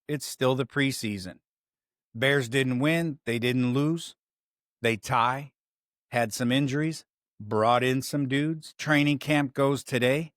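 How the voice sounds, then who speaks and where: Rambling and swearing, a Chicago-accented man runs a casual sports talk show and keeps cutting his sentences short. The mid-range voice has a fairly bright tone, recorded in a studio with no room sound.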